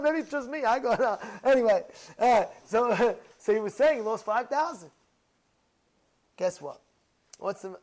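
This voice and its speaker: High-voiced man, rabbi, sermon, animated, hushed then loud. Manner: animated, swings from hushed storytelling to loud outbursts.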